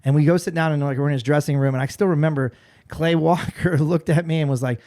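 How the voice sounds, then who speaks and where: A man in his forties, a podcast guest and former radio personality, telling a story in a casual, animated way with frequent restarts. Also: on the high side, fast.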